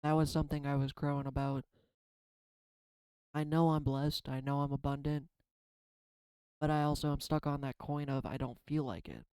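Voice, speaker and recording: A man's voice: a little high, steady tone, moderate pace, long pauses, a little mellow, clean tone, dry recording, low-quality recording. A man in a casual spiritual vlog, pulling and reading oracle cards, talking in a reflective and rambling way, emotional and swearing now and then. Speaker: tarot card reader.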